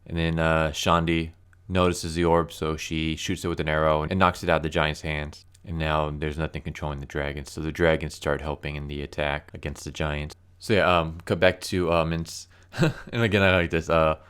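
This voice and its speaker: A man's voice: a bass voice, fairly even intonation, normal speed, fairly bright tone, clear, resonant tone. A young man casually reviewing a comic book issue, rambling with lots of fillers and restarts.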